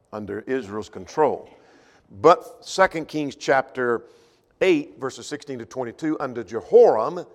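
Man teaching a Bible class in a reverberant hall. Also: medium pitch. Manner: thinks aloud, with frequent restarts and repeated words.

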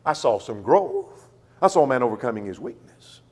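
Male preacher, lively pitch, reverberant hall, emphatic rhetorical questions. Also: brisk. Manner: questioning, emphatic, acts out quoted excuses. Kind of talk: sermon.

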